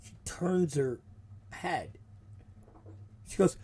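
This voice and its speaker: A male show host and wrestling promoter, telling a story casually in a profane, animated way. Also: a little high, slow pace, noisy background. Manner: animated, profane, acts out the people in his stories.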